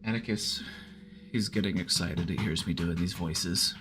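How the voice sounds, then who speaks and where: A therapist streamer with a low-sitting, slightly bright voice gives casual advice on a live stream from home, his dog with him. He speaks at a moderate pace, using "like" a lot and swearing some, over a little hiss or hum.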